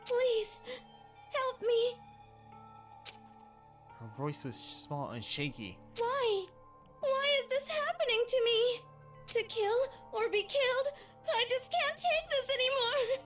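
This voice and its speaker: A man voicing a frightened teenage girl in a shrill falsetto, pleading and desperate. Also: sing-song, takes it slowly, pauses often, fairly bright tone, soft background music, full character voice.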